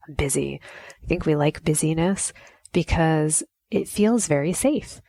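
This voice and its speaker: Solo podcast host, a woman with a lowish voice, close and dry, chatty and reflective. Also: a little slow, mellow, no room sound. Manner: chatty and reflective, often acting out quoted lines. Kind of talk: casual solo podcast talk.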